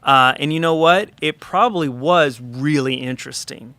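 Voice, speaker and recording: A man in a studio conversation, a record producer telling an animated, chatty story with lots of fillers. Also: on the high side, moderate pace, no room sound.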